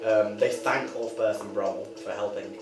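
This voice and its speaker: A man's voice: fairly low pitch, fairly even intonation, normal speed. A man running a tabletop game as game master, narrating hesitantly with many fillers. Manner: hesitant, full of ums. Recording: echoey room with music.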